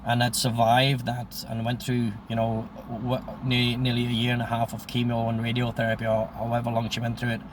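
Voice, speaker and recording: Man, 60s, casual storytelling, blunt, lots of swearing, monotone delivery. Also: mid-range voice, a little fast, few pauses, noisy background. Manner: blunt, heavy swearing, repeats "I says" when quoting. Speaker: storyteller recounting his own life.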